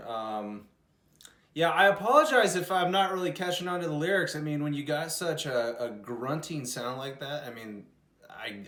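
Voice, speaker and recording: A man's voice: mid-range voice, fairly bright tone, reverberant. A young man hosting a music reaction, rambling and curious, swearing casually as he thinks aloud.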